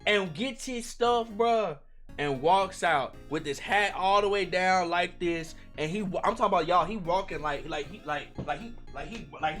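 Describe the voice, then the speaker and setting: Animated young man telling a story. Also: high voice. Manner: animated, slangy, addresses viewers as y'all. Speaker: storytime vlogger. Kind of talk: casual storytime monologue.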